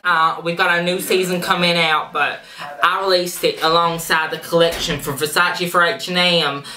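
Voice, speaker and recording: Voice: mid-range voice, level tone, moderate pace, sharp tone, close to an everyday voice. A performer playing a chatty fashion designer in a comedy sketch, rambling along. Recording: roomy echo.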